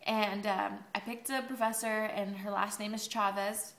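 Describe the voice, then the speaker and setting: A woman's voice: medium pitch, little pitch movement, moderate pace, vocal fry, a bit bright. Young woman, college vlogger, casual rambling, sarcastic, roomy echo. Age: young adult. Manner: chatty, rambling, sarcastic asides. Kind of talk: casual video diary.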